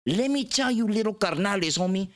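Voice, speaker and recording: A fiery middle-aged barrio street preacher, as a man puts him on, pitched well above his own voice. He preaches with urgency, coaxing and slangy, and his pitch leaps around with every line. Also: expressive, fairly quick.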